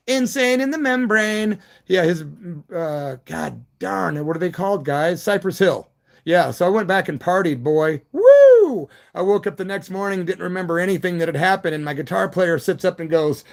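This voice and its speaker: A middle-aged man, a rock musician, rambling through stories on his evening live stream with loose slang and the odd hoot. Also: on the high side.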